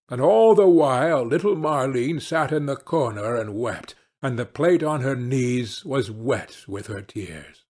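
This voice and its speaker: A man narrating a fairy-tale audiobook in a slow, deliberate reading. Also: medium pitch, darkish tone, slightly rough. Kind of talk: audiobook storytelling.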